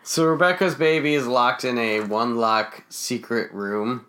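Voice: medium pitch, steady tone, unhurried, fairly bright tone. A co-host recapping a movie in casual chat, making wry, dry asides. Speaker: podcast co-host.

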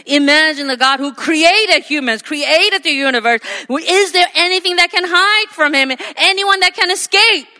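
A woman's voice: very high voice, bright, forceful tone. A woman pastor preaching a sermon, emphatic, repeating her phrases and calling for amens. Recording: echoey hall with long reverb.

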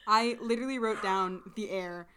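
Podcast co-host, woman, rambly and animated, lots of laughing. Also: medium pitch, normal speed, slight background noise. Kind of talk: casual recap chat.

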